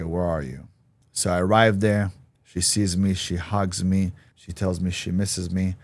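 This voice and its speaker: Low-voiced man telling a blunt story. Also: no room sound. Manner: blunt, animated, acts out quoted voices. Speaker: interview guest. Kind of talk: candid personal storytelling.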